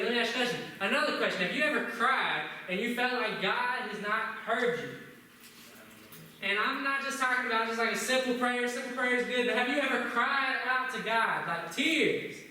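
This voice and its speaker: A high, bright-voiced man preaches to a congregation, asking question after question. He is recorded from a distance in a very echoey church sanctuary, with a faint hiss behind him. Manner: asks the congregation many questions. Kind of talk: sermon.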